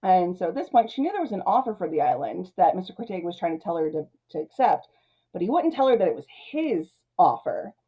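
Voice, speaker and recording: A woman's voice: lowish voice, very animated, quick pace, breathy edge, highs cut off. Chatty woman recapping a movie. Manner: chatty, laughs often, many "like" and "you know". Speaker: movie review host.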